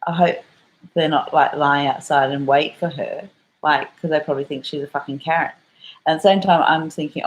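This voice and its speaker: A woman's voice: low-pitched, fairly even intonation, moderate pace, highs cut off, a little hiss or hum. Rambling, swearing Australian woman. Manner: rambling, swearing, full of fillers. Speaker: vlogger. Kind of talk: casual storytelling.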